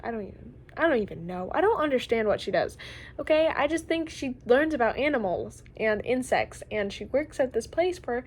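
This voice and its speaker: A woman's voice: on the high side, sing-song, fairly quick. A young woman vlogging a rambling, confessional monologue, often trailing off and sometimes dropping into a whisper.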